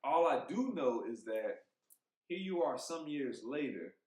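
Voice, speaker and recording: A man co-hosting a podcast, talking in a heated, emphatic way, swearing freely and thinking out loud with restarts. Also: fairly high pitch, animated, measured pace. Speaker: podcast co-host. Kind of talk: casual podcast chat. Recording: roomy echo.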